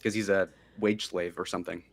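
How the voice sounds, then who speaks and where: Joking young man streamer, low voice. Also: level tone, brisk, gravelly. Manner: joking, boastful, teasing. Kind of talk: casual stream chat.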